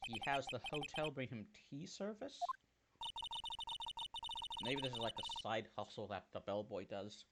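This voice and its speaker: A man's voice: medium pitch, big pitch swings, measured pace, long pauses, very noisy. Sarcastic man commenting on a game. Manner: jokey, sarcastic, swears freely. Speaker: let's play host. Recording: loud game music behind.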